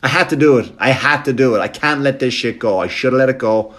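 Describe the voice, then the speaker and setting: A male comedian telling a story for laughs, swearing freely and often checking in with a quick question to the listener. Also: medium pitch. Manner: profane, animated, keeps checking in with the listener.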